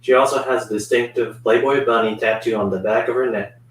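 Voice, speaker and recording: A man's voice: medium pitch, fairly even intonation, fairly quick. A man co-hosting a live stream, making dry wisecracking asides and reading small print aloud. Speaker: co-host and helper. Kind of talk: casual live stream chat. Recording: roomy sound, distant from the mic.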